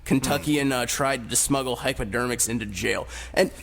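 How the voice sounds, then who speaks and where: A man hosting a radio show, chatting crudely with guests in a studio, loud and full of swearing. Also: normal speed, creaky. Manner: loud, swearing, jumps in pitch when excited. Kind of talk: crude casual studio banter.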